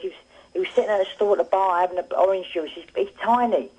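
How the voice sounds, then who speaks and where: A former boxer rattles through fight stories over a muffled phone line. His voice is husky and quick, and his anecdotes ramble along with restarts. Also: high-pitched, darkish tone. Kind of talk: casual phone interview.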